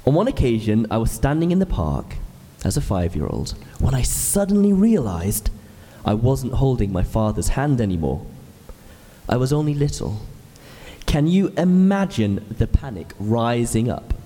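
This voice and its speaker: A man's voice: mid-range voice, big pitch swings, moderate pace, warm tone, big-room sound. A man in his thirties, an ordinand, preaching a sermon in a church with earnest, explanatory storytelling. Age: 30s.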